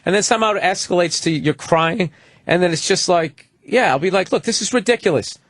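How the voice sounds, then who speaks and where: Middle-aged dude rambling thru a story on talk radio, kinda high voice. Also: male voice, a little fast, fairly bright tone, a little hiss or hum. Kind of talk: casual radio talk chat.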